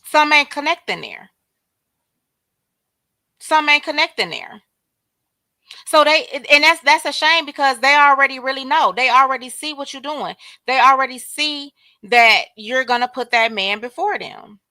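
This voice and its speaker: A woman's voice: high-pitched, lively intonation, measured pace, bright, forceful tone, no room sound. A woman hosting a casual livestream commentary, talking straight to her viewers and calling out chat names. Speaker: livestream host.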